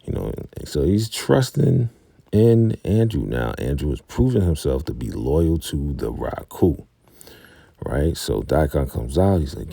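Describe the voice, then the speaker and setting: Very deep, gravelly-voiced male TV recapper. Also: expressive, measured pace, mellow, no echo. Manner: laid-back, chuckles often, talks to viewers as y'all. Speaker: TV recap reviewer. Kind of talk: casual recap commentary.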